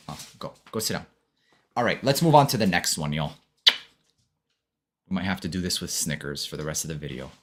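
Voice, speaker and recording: A man's voice: on the low side, fairly bright tone. A man hosting a casual live-stream fragrance review, laid-back and friendly, talking to his viewers as bro and brother.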